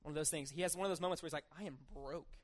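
A young man with a somewhat high voice gives a laid-back sermon at a racing pace, his intonation fairly even. After reading the scripture passage he retells it informally, slipping into everyday voices for the people in the story.

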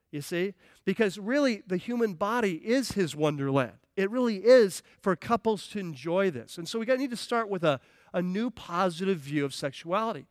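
High-voiced playful preacher man. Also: no echo, clean studio sound. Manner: energetic, playful, acts out quotes. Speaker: pastor. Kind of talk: sermon. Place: church.

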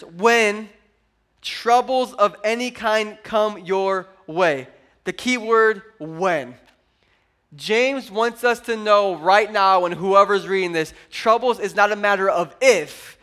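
A man in his thirties preaching a sermon to a congregation, animated and joking with the crowd. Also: high-pitched. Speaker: pastor.

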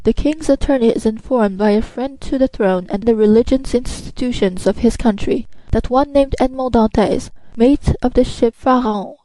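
A woman reading the part of a formal male royal prosecutor in a measured, grave way, close to her own voice. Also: a little high, mellow, no room sound, lightly acted, rough recording.

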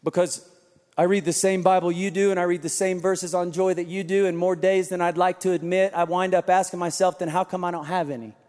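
High-voiced pastor preaching in a reverberant hall. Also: male voice, little pitch movement, brisk, a little mellow. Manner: storytelling with self-deprecating humor. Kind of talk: sermon.

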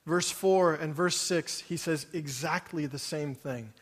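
A man preaches with a high, bright-toned voice, pressing his listeners with emphatic rhetorical questions. His words ring out with a long reverb, as if spoken in a large church sanctuary. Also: unhurried, slightly rough. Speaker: pastor. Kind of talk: sermon.

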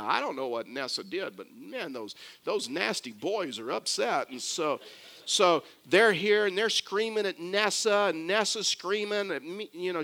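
An older man preaching a sermon, mixing scripture with a lively family story and conversational asides. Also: on the high side. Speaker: pastor.

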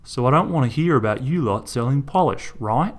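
A man's voice: medium pitch, animated, a little fast, pitched above the performer's own voice, natural voice. A man voicing a bossy middle-aged male rival shopkeeper who blusters and lays down the law. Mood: domineering. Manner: blustering, domineering.

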